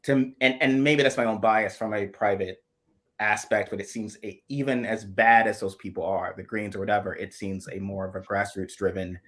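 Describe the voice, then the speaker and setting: A man's voice: lowish voice, fairly even intonation, moderate pace, a bit bright. A man co-hosting a casual live chat, rambling and hesitant as he thinks aloud before asking the guest a question. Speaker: co-host.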